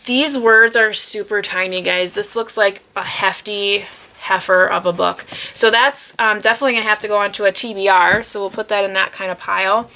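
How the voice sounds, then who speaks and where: A woman's voice: medium pitch, steady tone, a little fast, pushed and bright. A woman vlogging about her books at home, chatting casually and rambling with lots of fillers. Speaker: book vlogger. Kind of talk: casual chat. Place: room at home.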